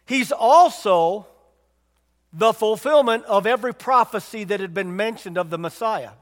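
High-voiced preacher in a reverberant hall. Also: male voice, moderate pace. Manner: conversational, asks the congregation questions. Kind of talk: sermon.

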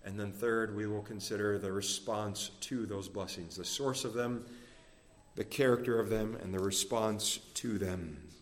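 A man preaching a sermon to his congregation, measured and emphatic, slowing down to stress key phrases. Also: fairly low pitch, steady tone. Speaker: pastor. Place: church sanctuary. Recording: long reverb of a church hall.

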